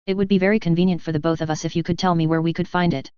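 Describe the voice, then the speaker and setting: A woman's voice: fairly low pitch, steady tone, racing, smooth, no echo, highs cut off, lightly acted. A woman voicing a laid-back, sarcastic male shock trooper with a casual, easygoing manner in a story reading.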